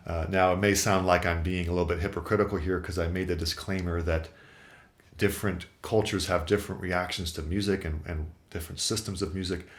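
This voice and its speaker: Low-voiced man teaching guitar. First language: English. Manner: explanatory, methodical, with occasional fillers. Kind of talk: video guitar lesson.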